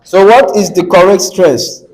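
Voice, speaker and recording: A man's voice: sits high, unhurried, a little mellow, rough recording. A man with a Nigerian English accent teaching a classroom lesson on word stress, coaxing the class, repeating words and asking questions.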